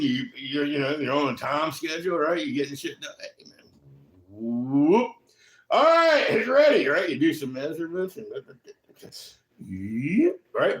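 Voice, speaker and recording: A man talking casually to the camera in a rambling, profane way, tagging most remarks with a quick "right?". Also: fairly high pitch, reverberant. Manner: profane, keeps asking "right?". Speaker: vlogger.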